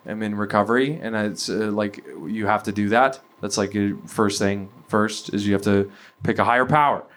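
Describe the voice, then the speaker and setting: A young man from Canada doing a stand-up comedy set, rambling and halting with lots of fillers. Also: medium pitch, a little hiss or hum. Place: comedy venue with a laughing audience.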